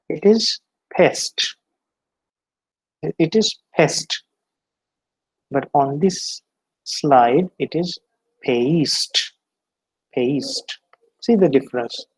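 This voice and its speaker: A man lecturing on phonetics, slowly and deliberately sounding out example words. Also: fairly high pitch, a little mellow, husky, no echo, low-quality recording. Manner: slow, deliberate, repeats example words aloud. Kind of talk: classroom lecture on pronunciation.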